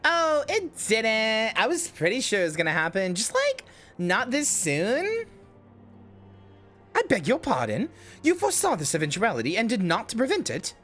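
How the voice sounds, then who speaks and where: A woman putting on a high, bubbly young adventurer girl. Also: wildly swooping pitch, moderate pace, fairly bright tone, faint music behind. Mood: breezy. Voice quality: high and bouncy, loose casual phrasing.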